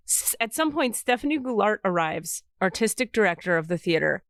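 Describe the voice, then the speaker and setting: Animated woman telling a story. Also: mid-range voice, brisk, dry recording, studio quality. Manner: animated storyteller, acts out quoted voices. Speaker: podcast host. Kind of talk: casual storytelling chat.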